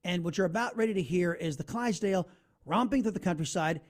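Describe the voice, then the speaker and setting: A man hosting a talk radio show, telling a story in an animated monologue. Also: high-pitched, fast. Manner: animated storytelling, narrates an ad over its soundtrack.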